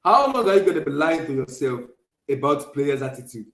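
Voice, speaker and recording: A man's voice: fairly high pitch, sing-song, fairly quick, fairly bright tone, roomy sound, low-quality recording. A man hosting a podcast, ranting heatedly and repeating himself. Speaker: podcast host. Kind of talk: heated football rant.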